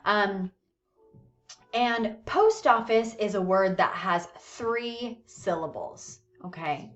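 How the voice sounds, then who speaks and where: A woman's voice: mid-range voice, expressive. A woman teaching English, patiently walking through a lesson and checking in often with her listeners. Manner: slows down to model pronunciation of words. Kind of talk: recorded classroom lesson. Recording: dull lo-fi recording.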